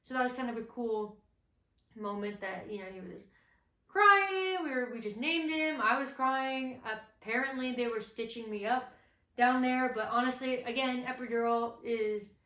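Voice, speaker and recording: Young woman vlogger, casual storyteller, pitched slightly high, echoey room sound. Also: normal speed. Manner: relaxed and chatty, with many fillers. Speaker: vlogger co-host. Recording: roomy echo.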